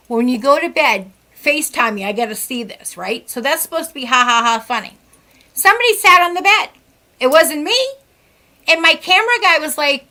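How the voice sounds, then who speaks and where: A woman with a high, bright voice telling ghost stories in casual chat. She plays out every quoted line with sighs and laughs. She is a guest on a podcast. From Central West Massachusetts. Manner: animated, acts out quoted dialogue with sighs and laughs. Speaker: psychic medium guest. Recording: podcast interview.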